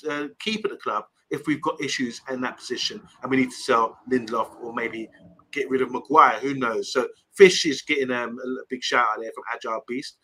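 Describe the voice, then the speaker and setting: A man's voice: medium pitch, sharp tone, rough recording. A man hosting a casual live stream, reading viewer comments aloud and rambling between topics. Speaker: host.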